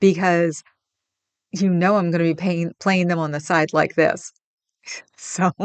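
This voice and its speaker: A woman's voice: lowish voice, steady tone, measured pace, clean tone, no room sound. A woman from the Bay Area hosting a casual livestream chat, answering viewers with frequent laughs. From San Francisco Bay Area. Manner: chatty, laughs often, rambling. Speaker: livestream host.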